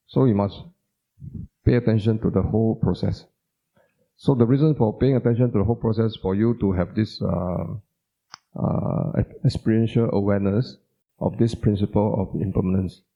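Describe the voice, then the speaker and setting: Guy teaching a buddhist class, gravelly husky voice, asks the crowd questions, muffled lo-fi sound. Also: on the low side. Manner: repeats words for emphasis, asks the audience questions. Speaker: doctor giving a Buddhist talk. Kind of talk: informal teaching talk with audience questions. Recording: dull lo-fi sound.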